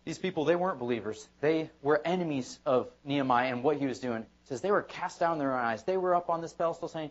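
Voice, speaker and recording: A man's voice: fairly high pitch, quick pace, few pauses. A man pastor preaching an evening sermon in church, emphatic and repetitive. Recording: dull lo-fi sermon recording.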